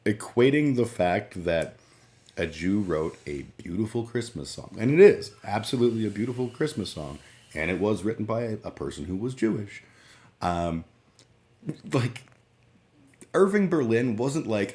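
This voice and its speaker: A man's voice: on the low side, big pitch swings, moderate pace, a little mellow. A man streaming live who rants about a clip in a profane, sarcastic, casual way. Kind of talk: casual ranting reaction stream.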